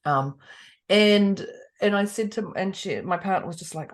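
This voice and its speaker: A woman tells a story in casual podcast chat. She acts out the dialogue in it and laughs often, and her voice sits at a middle pitch. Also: normal speed. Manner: animated storytelling, acting out quoted dialogue, frequent laughs. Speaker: podcast co-host.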